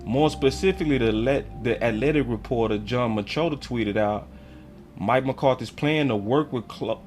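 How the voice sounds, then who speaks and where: A man's voice: medium pitch, moderate pace, darkish tone. Male stream host, ranting sports take, faint music underneath. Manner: heated, ranting, slangy; reads articles aloud on stream. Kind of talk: live stream commentary.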